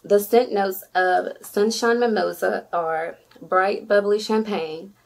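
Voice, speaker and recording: A woman's voice: mid-range voice, steady tone, takes it slowly, gravelly. A woman vlogging an unboxing, chatty and effusive, often squealing with delight. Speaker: beauty vlogger. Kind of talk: excited unboxing vlog.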